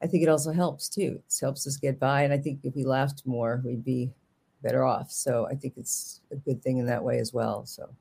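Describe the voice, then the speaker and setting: Gravelly, rambling author from New York. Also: mid-range voice, flat delivery, moderate pace, dark tone. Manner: rambling, self-interrupting, jokey. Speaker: author guest. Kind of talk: casual interview talk.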